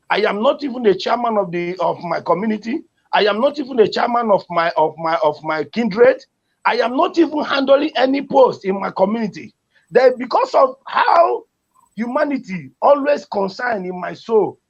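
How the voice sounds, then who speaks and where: A Nigerian-accented man pleads and repeats himself, his voice high, gravelly and husky. The recording sounds dull and lo-fi. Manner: pleading, repetitive, emotional. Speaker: community advocate. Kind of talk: impassioned appeal.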